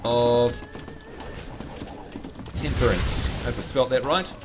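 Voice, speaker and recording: Over background noise, a man with a medium-pitched voice talks slowly while livestreaming gameplay. He's chatty, addresses his viewers directly, and grumbles in exasperation whenever bugs crop up.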